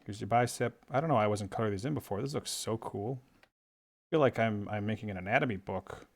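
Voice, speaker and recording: Gravelly, playful male art instructor. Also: lowish voice, fast talker. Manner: playful, chummy, jokey. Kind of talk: drawing tutorial livestream.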